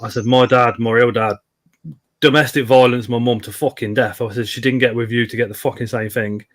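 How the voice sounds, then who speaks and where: A man's voice: medium pitch, steady tone, fairly quick. A man in his thirties telling blunt, sweary anecdotes on a live stream. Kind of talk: casual storytelling chat.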